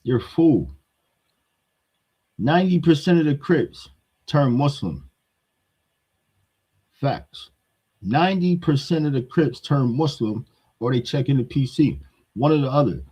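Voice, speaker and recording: A man's voice: mid-range voice, expressive, measured pace, long pauses, warm tone, husky. A man with a New York accent, giving a blunt, heated hip-hop commentary rant that repeats its points.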